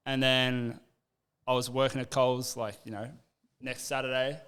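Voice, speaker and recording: A man's voice: medium pitch, flat delivery, normal speed, fairly bright tone, smooth. A young Australian man, a rapper guest on a podcast, telling stories in a profane, laid-back chat. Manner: profane, laid-back storytelling with acted-out quotes. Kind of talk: casual storytelling chat.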